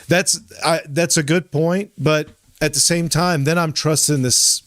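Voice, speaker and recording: A man's voice: fairly high pitch, fairly even intonation, a little slow, a bit bright, no room sound. Guy hosting a podcast, chatty, trails off and restarts a lot, dry close sound. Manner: rambling, with frequent restarts and self-corrections. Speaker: podcast host. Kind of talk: casual chat.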